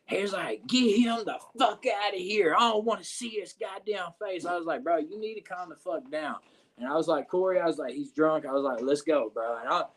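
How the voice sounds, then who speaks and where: Man telling a rowdy story. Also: on the high side. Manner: animated, profane storytelling with many "you know what I'm saying" fillers. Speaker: wrestler guest. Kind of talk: casual storytelling interview.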